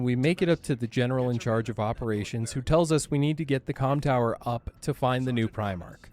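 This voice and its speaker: A man's voice: medium pitch, a little mellow, a little hiss or hum. A man hosting his own gaming video, giving scripted commentary in a sarcastic, profane, self-mocking way.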